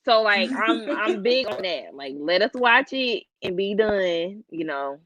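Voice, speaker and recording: A woman's voice: mid-range voice, measured pace, crowd noise, poor audio. A woman co-hosting a casual live chat, talking to her viewers with big emotional swings. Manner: animated, emotional, talks to viewers as y'all. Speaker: co-host.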